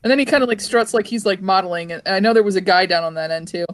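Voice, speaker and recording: A woman's voice: medium pitch, very fast, no room sound. Woman, livestream host, computer mic on her lap, dry sound, chatty. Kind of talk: casual chat on a livestream.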